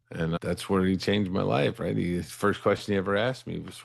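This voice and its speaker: Speaking fairly quickly with few pauses, a middle-aged man with a low, gravelly voice shares his life story as an interview guest. He's earnest and candid, restarting words as thoughts begin and tacking "right?" onto his points.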